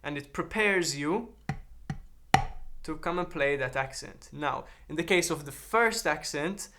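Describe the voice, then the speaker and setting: A man's voice: a little high, noisy background. A man teaching a drum lesson on a practice pad, explaining technique and counting beats aloud.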